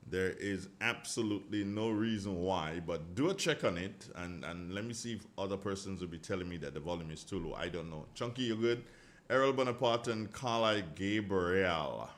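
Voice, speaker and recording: A low-pitched man, hosting live morning radio from a studio. He talks casually and loosely, rambling between topics and reading out the names of listeners who send greetings. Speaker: radio morning show host.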